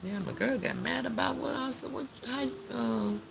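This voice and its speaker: A man's voice: very high voice, moderate pace, creaky, few pauses, noisy background. An older man hosting a casual morning live stream, chatting and telling stories in a loose, slangy way. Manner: chatty, animated storytelling with frequent laughs and slang.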